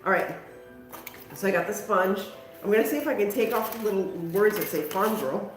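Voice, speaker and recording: A woman's voice: medium pitch, lively intonation, a little fast, reverberant, faint music behind. Chatty woman hosting a craft livestream. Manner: chatty, self-mocking, talks to viewers while working. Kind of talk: casual live craft stream chat.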